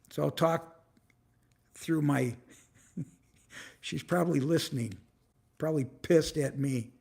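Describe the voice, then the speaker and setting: A man in his seventies talks unhurriedly on a live stream, his voice slightly high for a man and rough with fry. He rambles, swears freely and calls out viewers in the chat by name, speaking into a camera on a tripod. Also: slow, long pauses, darkish tone. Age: 70s. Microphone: phone or camera on a tripod.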